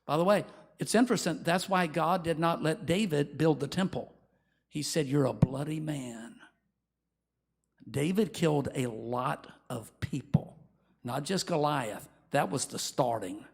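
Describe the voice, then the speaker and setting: A man preaching a sermon as pastor, telling Bible stories in an animated way and acting out the voices of the people in them. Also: fairly high pitch, unhurried, creaky, husky.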